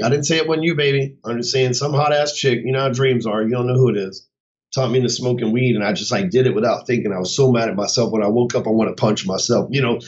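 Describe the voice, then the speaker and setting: A man in a middle register talks straight at you, blunt and full of swearing, with a swaggering, tell-it-like-it-is manner. The sound is dull and muffled, and he rambles casually in an office. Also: mid-range voice. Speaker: host of his own show. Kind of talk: casual unscripted monologue. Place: his office.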